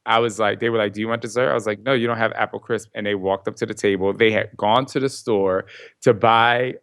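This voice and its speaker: A man guesting on a podcast, telling stories in a lively way and laughing often. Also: on the low side, fairly quick, clean tone, no echo, clean studio sound. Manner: animated storyteller, laughs often. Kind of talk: casual interview chat.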